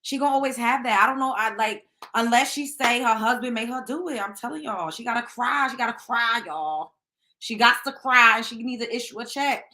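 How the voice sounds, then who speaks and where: A woman's voice: fairly high pitch, fairly quick, pushed and bright. A woman hosting a casual gossip show, talking bluntly and with plenty of profanity straight to her listeners. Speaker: show host.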